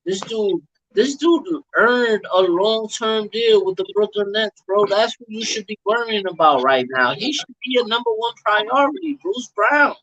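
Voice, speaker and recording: A man co-hosting a casual sports debate, fired up and slangy, tripping over quick restarts. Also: sits high, sharp tone. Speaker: co-host. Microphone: phone. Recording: muffled phone with faint hiss.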